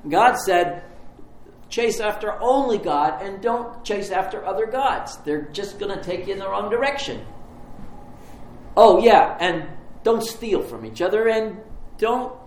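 A man's voice: high-pitched, lively intonation, unhurried, darkish tone, reverberant, slight background noise, voice pushed up. A man doing an offhand lawgiver reeling off rules.

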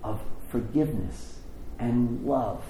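A man preaching a sermon, telling a story and acting out the quotes with lively rises in his voice. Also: slow pace, slight background noise. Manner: animated storytelling, acting out quotes with rising pitch. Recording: echoey room with faint ambience.

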